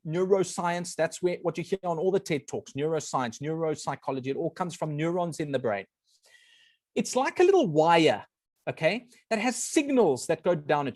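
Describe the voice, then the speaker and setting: A man's voice: fairly high pitch, no room sound, clean studio sound. A man giving an earnest talk as a guest speaker, explaining ideas step by step. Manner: earnest, animated, often apologizes. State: briefly emotional. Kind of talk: presenting a talk on a video call.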